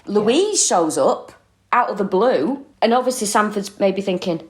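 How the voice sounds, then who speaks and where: A woman's voice: medium pitch, lively intonation, measured pace. A woman co-hosting a true-crime comedy podcast, retelling a case casually and expressively, with frequent exclamations.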